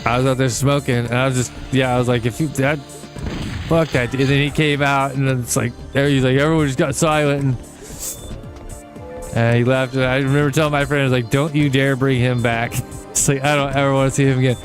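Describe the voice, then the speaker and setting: A young man hosting a gaming channel, telling long rambling stories and swearing casually while he plays, with quick jumps in pitch when he imitates people. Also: little pitch movement, music in the background. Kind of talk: casual let's-play chat while gaming.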